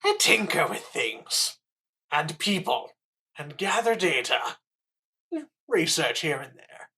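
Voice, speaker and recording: Creepy male mad scientist , put on by a tabletop player, slow sinister drawl, lively pitch swings. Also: heavily acted.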